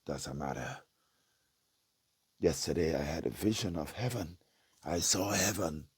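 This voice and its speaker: A man calling himself a prophet, praying and preaching intensely, repeating himself and swinging from hushed prayer to loud denunciation. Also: unhurried, no echo. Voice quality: very deep, gravelly and husky. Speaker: self-styled prophet.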